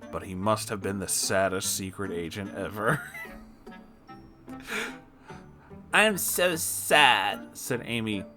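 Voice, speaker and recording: Man reading with a mocking, lively delivery. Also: fairly low pitch. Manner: mocking asides, frequent laughter. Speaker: storyteller reading fan fiction. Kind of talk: comedic dramatic reading.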